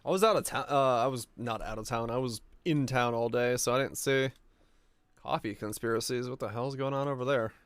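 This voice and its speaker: A man streaming a video game, reading viewer messages and chatting casually in a relaxed, rambling way. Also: medium pitch, brisk, clear, resonant tone, no room sound. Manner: relaxed, rambling, reads chat aloud. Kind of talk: casual chat while playing.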